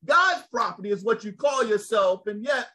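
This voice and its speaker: A man preaching a sermon, lively and conversational, calling out to his listeners. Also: high-pitched, normal speed, rough recording. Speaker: pastor.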